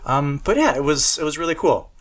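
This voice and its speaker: A man's voice: on the high side, sing-song, fairly quick. A man co-hosting a car podcast, chatting casually with lots of fillers and a self-deprecating humor. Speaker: podcast co-host.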